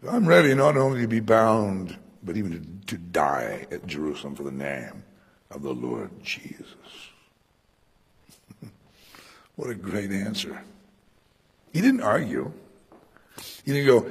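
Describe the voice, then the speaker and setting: Gravelly-voiced male preacher, lively delivery. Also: mid-range voice, moderate pace, in a large hall. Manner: animated, acts out quoted speech with sudden loud bursts. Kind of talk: expository sermon on Acts. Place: room with a congregation.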